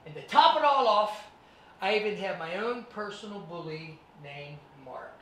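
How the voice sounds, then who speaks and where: A man's voice: high-pitched, moderate pace, background noise. A man giving a motivational talk to students, telling his life story and acting out scenes. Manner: animated, acts out scenes. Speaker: guest speaker. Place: presentation room with students. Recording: echoey room, mic at a distance.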